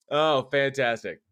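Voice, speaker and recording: A man's voice: fairly high pitch, a bit bright, dry recording, clean studio sound. A man hosting a horror podcast in casual live chat, rambling and chuckling as he reads viewer comments. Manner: rambling, chatty, many restarts and chuckles. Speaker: podcast host.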